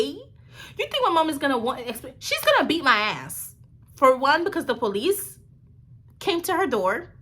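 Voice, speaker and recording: A young woman vlogger telling a story in a casual, slangy, animated way, full of swearing and sudden high-pitched quoted voices.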